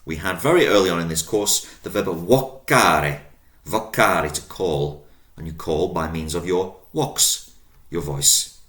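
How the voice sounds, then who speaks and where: In a low, slightly bright voice, this man teaches Latin online with patience. He spells out endings and stretches each new vocabulary word, and the recording has a roomy echo.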